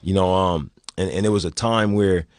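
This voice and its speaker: A man's voice: deep voice, fairly even intonation, moderate pace, a little mellow, dry recording, clean studio sound. A man with a thick Oakland accent, talking casually as a guest and stumbling over repeated words, often saying "you know what I mean.". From Oakland, California. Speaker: guest speaker. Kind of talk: clip of a casual panel talk.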